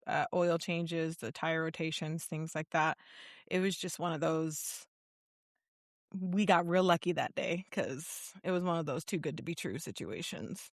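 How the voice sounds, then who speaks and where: A woman's voice: lowish voice, dry recording, clean studio sound. A woman co-hosting a podcast, chatting casually in an easygoing, confident way. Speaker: podcast co-host. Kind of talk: casual chat.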